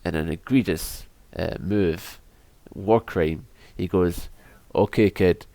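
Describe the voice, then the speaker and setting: A man's voice: low-pitched, takes it slowly, mellow, no echo. A man co-hosting a podcast, chatting casually in a sardonic, profane way and laughing often. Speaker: podcast co-host.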